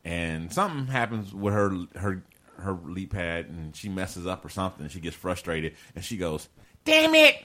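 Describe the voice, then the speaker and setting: A man's voice: deep voice, normal speed, a bit bright. A man hosting a podcast in casual chat, telling stories loosely, swearing freely and laughing often. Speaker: podcast host.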